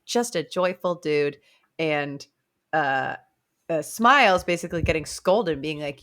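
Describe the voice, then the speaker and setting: A woman co-hosting a casual book club podcast, retelling scenes with animated character lines. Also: deep voice, unhurried. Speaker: podcast co-host.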